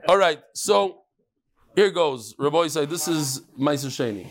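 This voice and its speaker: Animated New man teaching Talmud. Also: fairly high pitch, a little hiss or hum. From Brooklyn, New York. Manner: animated, emphatic, quick asides and questions to the class. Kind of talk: daily Talmud lecture to a live class.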